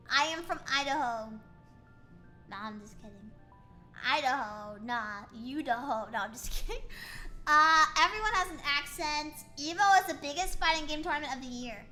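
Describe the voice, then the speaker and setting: A woman's voice: sits high, sharp tone. A woman VTuber streamer from the United States, chatting casually and playfully, asking lots of questions and reading chat aloud. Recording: faint music behind.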